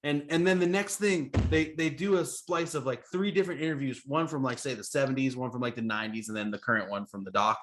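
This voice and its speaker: An easygoing man co-hosting a podcast, chatting casually about comics. His delivery is loose and conversational. His voice sits at an ordinary middle pitch. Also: fast talker, few pauses, fairly bright tone. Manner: easygoing, chatty, laughs often. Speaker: podcast co-host.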